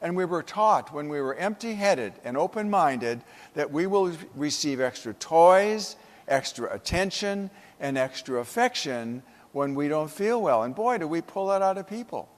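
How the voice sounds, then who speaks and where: A man's voice: a little high, lively intonation, moderate pace. Man giving a keynote in an echoey hall. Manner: storytelling, humorous, emphatic. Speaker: keynote speaker. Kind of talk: motivational keynote speech. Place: conference hall.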